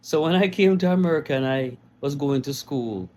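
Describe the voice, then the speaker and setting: Man, Jamaican accent, casual storytelling, animated, laughs a lot, faint background noise. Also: on the high side, brisk. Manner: animated, laughs often, mimics other people's questions. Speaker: guest telling his immigration story.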